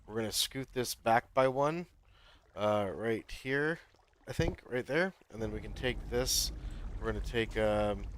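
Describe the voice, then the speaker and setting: A man with a lowish voice commentates a live gaming stream at a home desk mic. He walks through each building step in a relaxed, rambling way. A faint background ambience sits under his voice. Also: background noise. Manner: easygoing, talks himself through each step, laughs often.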